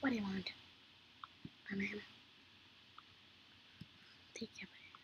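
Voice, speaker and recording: A woman live-streaming a game, chatting excitably and swinging between sudden shouts and whispers. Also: mid-range voice, a little slow, muffled recording, noisy background. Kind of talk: live-stream gameplay chat.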